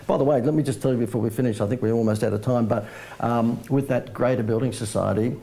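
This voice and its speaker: A man's voice: medium pitch, fairly even intonation, fast, creaky, warm tone. An Australian man, a marketing guest, telling punchy salesman-like stories in a business interview.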